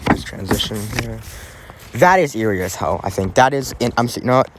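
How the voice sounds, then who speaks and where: A man of ordinary pitch hosts a laid-back true crime podcast. He talks loosely, doubling back on himself and padding sentences with "um" and "like" as he goes. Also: expressive, fairly quick, noisy background. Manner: rambling, many fillers and restarts. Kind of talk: casual true crime chat.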